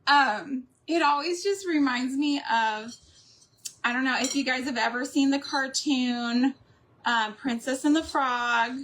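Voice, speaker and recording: A woman's voice: high voice, a little slow, a bit bright, a little hiss or hum. A middle-aged woman hosting a crafting video, chatting casually with viewers as she works, rambling and laughing often. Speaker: craft and homemaking channel host. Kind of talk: casual chat while crafting, answering live chat.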